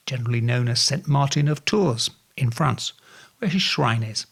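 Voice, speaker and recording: A man with a Norfolk accent hosting a radio show, telling odd stories in a relaxed, wry way with many fillers. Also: medium pitch, moderate pace, creaky, husky, no room sound. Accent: Norfolk English. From England. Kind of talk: relaxed radio talk with dry asides.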